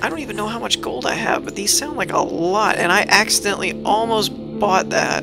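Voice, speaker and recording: Chatty let's-play host over game music. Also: mid-range voice. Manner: chatty, reads game text aloud, quick exclamations. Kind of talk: casual gameplay commentary.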